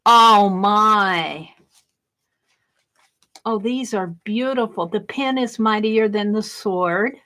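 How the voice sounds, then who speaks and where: A woman's voice: mid-range voice, takes it slowly, long pauses, fairly bright tone. A woman hosting a casual crafting live stream, exclaiming over mail and greeting viewers in chat.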